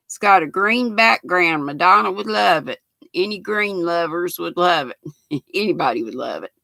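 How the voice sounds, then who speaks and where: A woman's voice: on the low side, expressive, moderate pace, creaky, sharp tone, dry recording. A woman, hosting a casual livestream and chatting as she reads out viewer comments and greets people by name. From United States. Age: 60s. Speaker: channel host reading live chat.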